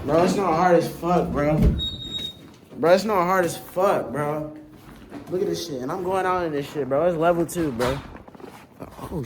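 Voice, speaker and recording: Brief: young male vlogger, slightly high voice, cussing and hyped, phone mic with loud storm and car noise. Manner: profane, excitable, talks straight to his chat. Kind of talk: casual vlog talk to viewers. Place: outdoors and in a car during a snowstorm. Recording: noisy storm and car sound.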